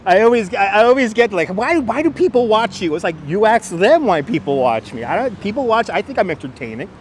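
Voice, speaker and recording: A middle-aged man with a light New York accent livestreams while walking city streets, chatting with viewers and replying to their comments. His voice is high-pitched, very animated, and brisk. A wireless clip-on mic captures him, with faint outdoor street noise.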